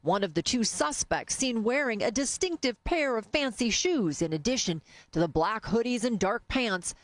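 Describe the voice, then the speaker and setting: Woman doing news voice-over, bright lively pitch, dry close sound. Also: moderate pace, dry recording. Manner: crisp, even news read. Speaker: news narrator.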